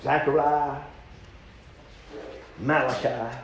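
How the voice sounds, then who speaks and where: A man preaching a sermon in a folksy drawl, his delivery swinging between easy talk and loud shouting. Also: mid-range voice, steady tone, extremely slow, roomy sound, a little hiss or hum.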